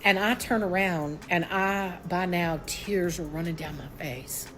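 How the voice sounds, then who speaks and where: A woman's voice: on the low side, measured pace, a bit bright, a little hiss or hum, rough recording. Emphatic 60-something woman storyteller. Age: 60s. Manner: emphatic and dramatic, with blunt swearing. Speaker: guest. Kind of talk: emotional personal storytelling.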